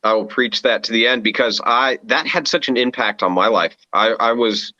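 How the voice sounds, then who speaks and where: A man co-hosting a casual podcast chat, earnest and halting, slow to find his words. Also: medium pitch, pushed and bright, no echo. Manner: earnest and halting, many fillers and restarts. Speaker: podcast co-host. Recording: dull, slightly lo-fi dry mic.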